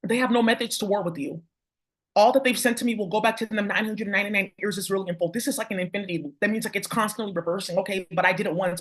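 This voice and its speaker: Casting: woman vlogger, mid-pitched voice, rambling, profane, confrontational. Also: fairly bright tone. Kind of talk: casual spiritual rant to viewers.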